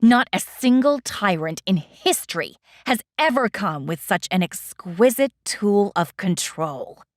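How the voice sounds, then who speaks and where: A woman's voice: mid-range voice, lively intonation, measured pace, dry recording, clean studio sound, lightly acted. A woman voicing an angry, defiant female teacher in an audiobook, sarcastic and biting. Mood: scornful. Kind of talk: audiobook character voice.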